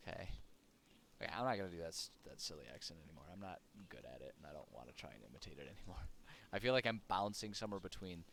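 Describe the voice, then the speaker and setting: A man's voice: deep voice, animated, rapid-fire, creaky, few pauses, a bit bright. A man streaming a role-playing game, chatting in a self-deprecating way and laughing at himself. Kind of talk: casual gaming commentary. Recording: game music behind.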